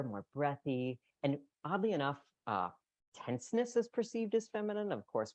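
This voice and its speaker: A presenter lectures on voice training in an explanatory way, now and then demonstrating pitch patterns aloud. The voice sits at a middle pitch. The sound is dry, with no room echo. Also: dull audio. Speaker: presenter at a voice care meeting.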